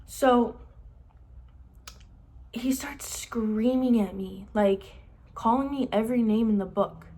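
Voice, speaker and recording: A woman's voice: a little high, slow pace, mellow. A young woman in her late teens telling a casual storytime, rambling and filling every sentence with "like.". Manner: rambling, says "like" constantly. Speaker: vlogger.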